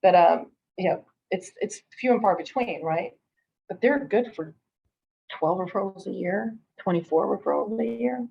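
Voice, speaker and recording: A middle-aged woman leads a real estate training in an easygoing, talkative way. She circles back, restarts her sentences and acts out the calls she describes. Her voice sits at an ordinary pitch, and the recording sounds a little dull. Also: moderate pace, creaky, slight background noise. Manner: chatty, repeats and restarts, acts out quoted callers. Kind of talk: conversational training talk.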